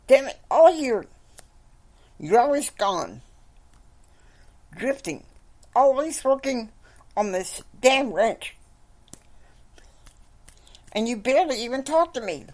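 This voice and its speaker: A woman's voice: fairly high pitch, sing-song, slow pace, pauses often, a little mellow, voice pushed up. A woman voicing an exasperated pregnant young wife who pleads with and scolds her husband, in a raised voice. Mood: pleading, scolding.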